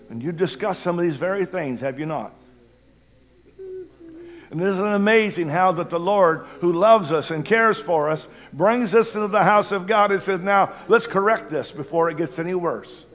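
Fervent high-voiced male preacher. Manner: fervent, swings between loud cries and hushed pleading. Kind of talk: altar call sermon.

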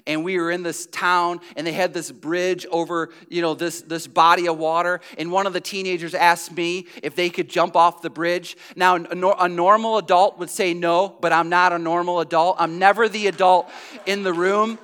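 A man preaching a sermon as pastor, telling stories in an animated, conversational way. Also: high voice, normal speed, clean tone.

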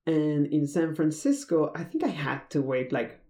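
Gravelly rambling storyteller. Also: medium pitch, sing-song, normal speed, warm tone. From Mexico. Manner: rambling, many fillers and restarts. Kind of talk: casual personal storytelling. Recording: roomy echo.

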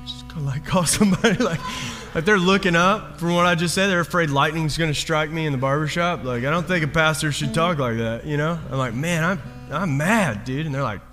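A man preaching as a pastor, telling a personal story in an animated, self-deprecating way. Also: fairly high pitch, quick pace. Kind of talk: storytelling sermon. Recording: long hall reverb with faint guitar.

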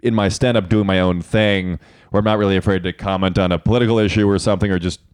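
A man's voice: deep voice, fairly even intonation, fast, smooth. A young man, a guest comedian, chatting casually on a podcast as a rambling, joking storyteller.

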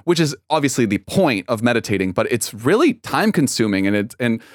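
A man's voice: mid-range voice, sing-song, brisk, no echo, clean studio sound. A young man co-hosting a casual podcast, rambling, teasing and laughing often. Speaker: podcast co-host. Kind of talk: casual chat.

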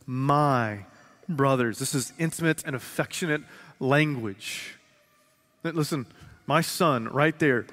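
A man in his thirties preaching a sermon to his congregation, earnest, repeating phrases slowly for emphasis and dropping from loud to hushed. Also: medium pitch. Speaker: pastor. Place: large church sanctuary. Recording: long reverb of a large hall.

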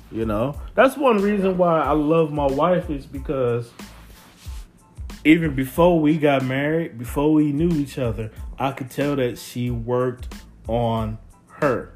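Laid-back guy joking about marriage, talks real slow, faint music under it. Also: mid-range voice. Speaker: podcast co-host, husband. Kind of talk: casual marriage chat.

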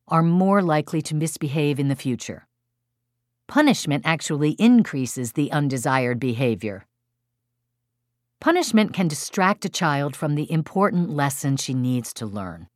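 A woman's voice: sits low, no echo. A woman reading her own parenting book aloud, narrating expressively with dry humor. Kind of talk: audiobook narration.

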